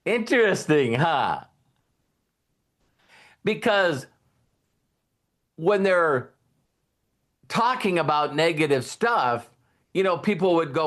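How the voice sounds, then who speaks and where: A man's voice: fairly high pitch, slow pace, long pauses. A middle-aged man giving a motivational talk who keeps acting out little conversations as he goes. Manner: animated, acts out little dialogues. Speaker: motivational speaker.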